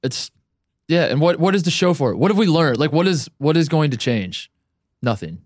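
A man's voice: a little high, animated, moderate pace, no echo, studio quality. A man co-hosting a casual sports podcast, offering wry, deflating commentary. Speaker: podcast co-host.

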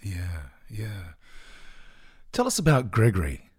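A man interviewing, speaking very slowly with a swooping, highly varied pitch. His voice is a little husky and recorded dry. He gives short affirmations and prompts the guest with brief questions. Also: very animated, no echo.

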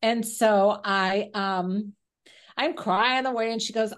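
A woman's voice: mid-range voice, unhurried. A middle-aged woman, a guest dating coach on a podcast interview, telling her own story in an earnest, open way.

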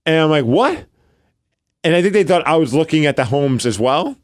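A man's voice: fairly high pitch, moderate pace. A middle-aged man co-hosting a podcast, telling a story in casual chat and acting out the voices of the people in it. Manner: animated, acts out quoted voices. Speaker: podcast co-host.

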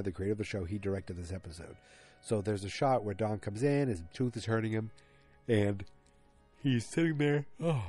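A man's voice: on the low side, dark tone. A man casually recapping a TV episode in a chatty, digressive way. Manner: chatty, digressive, self-aware. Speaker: podcast host recapping a TV episode. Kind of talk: casual chat.

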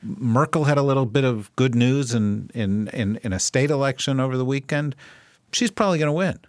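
A man's voice: medium pitch, expressive, fairly quick, dry recording. A man hosting a political podcast in casual chat, wry and joking, rambling through his points. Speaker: podcast host.

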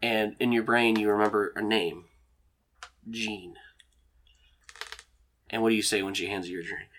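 A man's voice: on the low side, moderate pace. A man narrating as game master, rambling with lots of fillers. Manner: rambling, filler-heavy, relaxed.

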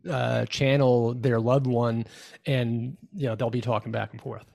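A man's voice: mid-range voice, flat delivery, a little slow, creaky, a little mellow. A man speaking as a medium in an interview, reflective and hesitant as he thinks aloud. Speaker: spiritual medium, guest. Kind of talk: conversational interview.

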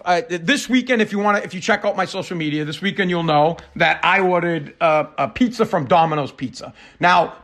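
A man's voice: sits high, a bit bright. A middle-aged man hosting his podcast, telling an angry story in a casual, profane rant full of quoted dialogue. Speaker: podcast host. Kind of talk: casual ranting monologue.

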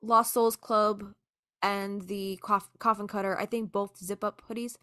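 A woman's voice: mid-range voice, little pitch movement, measured pace, bright, forceful tone, dry recording, clean studio sound. A young adult woman co-hosting a podcast in casual chat, talkative, swearing freely and laughing easily. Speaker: podcast co-host.

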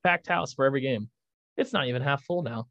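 A man's voice: mid-range voice, fast, a bit bright, dry recording, muffled recording. A young man co-hosting a casual sports podcast, ranting with energy and often restarting his sentences. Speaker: podcast co-host.

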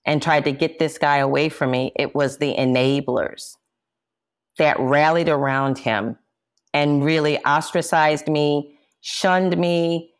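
Low-voiced woman recounting hard times. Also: fairly even intonation, slow pace, clear, resonant tone. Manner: intense, indignant, quotes herself forcefully. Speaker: interview guest, jazz singer. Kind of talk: emotional personal account.

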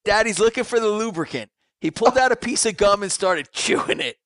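A man with a fairly high voice co-hosts a casual podcast. He reads out lyrics with dramatic relish and swears freely. The sound is close and dry. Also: brisk, few pauses, a bit bright, dry recording. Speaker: podcast co-host. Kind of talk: casual chat.

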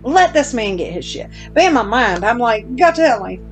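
Chatty woman spinning a story, kinda high voice, blunt, cusses, faint music behind. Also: sing-song, moderate pace. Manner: chatty, self-deprecating, blunt with casual swearing. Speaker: podcast host. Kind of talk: casual storytelling chat.

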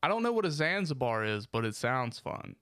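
Smooth-voiced joking podcast guy. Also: mid-range voice, sing-song, a little fast, a bit bright, dry recording, clean studio sound. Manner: joking, laughs often, profane. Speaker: podcast co-host. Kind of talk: casual chat.

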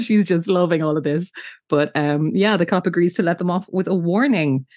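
A woman's voice: lowish voice, moderate pace, darkish tone, no echo, studio quality. A woman co-hosting a podcast who gushes and giggles while retelling scenes and acting out lines. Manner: giggly, gushing, acts out character lines. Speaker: podcast co-host. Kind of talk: casual recap chat.

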